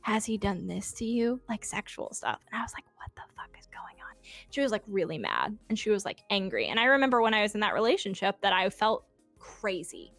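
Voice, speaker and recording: A woman in her twenties, a guest telling a personal story in casual chat, animated and swearing, laughing often and acting out quotes. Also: mid-range voice, fairly quick, vocal fry, no echo, soft background music. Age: 20s.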